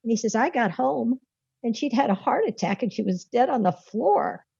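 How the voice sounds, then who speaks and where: A woman's voice: fairly high pitch, lively intonation, moderate pace, gravelly, mellow, slightly rough, no room sound. A woman who is a guest author, telling a story in a rambling, folksy way and laughing often between sentences. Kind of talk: conversational storytelling. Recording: dull lo-fi dry recording.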